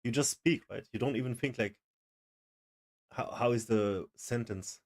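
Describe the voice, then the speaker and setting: A man reacting casually to a video, with excited interjections and swearing. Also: medium pitch, measured pace.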